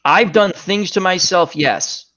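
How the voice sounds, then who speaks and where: A man's voice: sits high, a little slow, muffled recording, heavy background noise. A middle-aged man hosting a casual chat show, telling joking stories and acting out the people in them. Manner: joking storyteller, acts out voices in anecdotes. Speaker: host.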